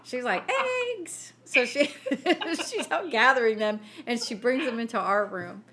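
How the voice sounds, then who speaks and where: A woman's voice: on the high side, a little slow. A woman co-hosting a casual chat podcast, telling stories with lots of laughter and acted-out quotes. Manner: animated storyteller, laughs often, acts out quotes. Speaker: podcast co-host.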